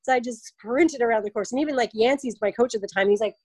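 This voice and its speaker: A woman in her thirties talks in a fairly high voice, full of fillers and quick asides. She acts out the people in her stories with lively voices. The sound is close and dry. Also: breathy edge, no room sound, poor audio. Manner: chatty storyteller, acts out quotes with lively voices. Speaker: guest, obstacle race athlete. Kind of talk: casual podcast interview.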